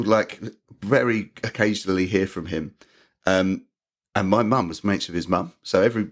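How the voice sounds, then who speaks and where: A middle-aged man from England, a punk musician chatting as a podcast guest, who acts out the people in his stories and laughs often. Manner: animated storyteller, acts out quotes in high voices, laughs often. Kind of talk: casual chat.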